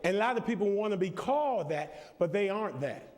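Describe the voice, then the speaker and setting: A middle-aged man preaches in a large church, leading call-and-response and joking with the congregation in a high, animated voice with a darkish tone, talking a little fast. The recording carries long church reverb with the congregation audible behind him.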